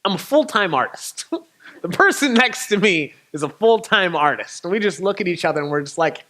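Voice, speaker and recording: A young man from Michigan, a touring poet, telling a lively story to an audience and acting out the dialogue. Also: sits high, brisk. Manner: animated, acts out dialogue with laughter. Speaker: touring poet and guest speaker. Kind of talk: storytelling talk.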